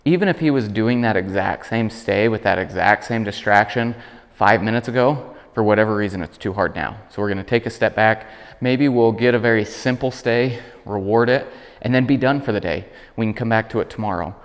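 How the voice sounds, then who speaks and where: A man working as a dog trainer, calmly explaining commands while demonstrating them with his dog. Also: fairly quick, big-room sound. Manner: calm explaining, high praise voice for dog. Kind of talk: instructional demonstration.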